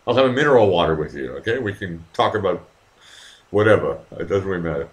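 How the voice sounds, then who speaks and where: Low-pitched, animated and fast-talking, a man hosts his own live online show while drinking. He rambles and swears a lot, chatting casually with viewers and talking to the chat.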